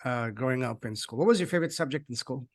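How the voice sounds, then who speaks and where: A man's voice: mid-range voice, animated, quick pace. A man with a French accent hosts an interview in a mid-range voice. He asks curious questions and responds with short, upbeat affirmations. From France. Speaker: podcast host. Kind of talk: casual interview chat.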